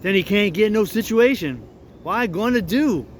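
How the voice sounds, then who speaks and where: A man's voice: sits high, lively intonation, moderate pace, slight background noise. A man reading an audiobook, voicing a stubborn grown man who argues in folksy rustic dialect. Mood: stubborn, puzzled. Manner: folksy drawling dialect, argumentative.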